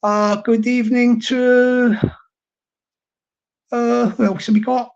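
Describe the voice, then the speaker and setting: A man, talking casually on his live stream in a rambling, halting way full of fillers and restarts. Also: very high-pitched, flat delivery, vocal fry, smooth. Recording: dull lo-fi sound.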